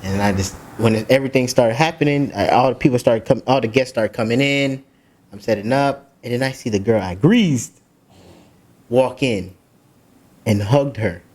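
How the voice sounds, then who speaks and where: A man's voice: mid-range voice, normal speed. A man, a podcast co-host telling a story in casual chat, laughing and acting out the people in it. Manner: animated, laughing, acts out voices in the story.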